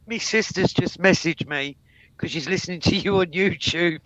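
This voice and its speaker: Easygoing co-host, dry muffled mic, calm teasing delivery. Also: male voice, high-pitched, no echo. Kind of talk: casual chat on a live stream.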